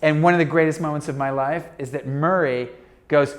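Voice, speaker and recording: A middle-aged man telling a story as a talk show guest, animated and acting out the voices of the people in it. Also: a little high, brisk.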